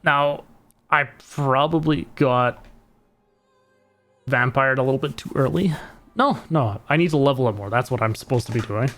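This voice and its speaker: A man's voice: mid-range voice, normal speed, pauses often, a bit bright, faint music behind. A young man streaming a game live, chatting casually with viewers and teammates, laughing often. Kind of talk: casual live-stream chat while gaming.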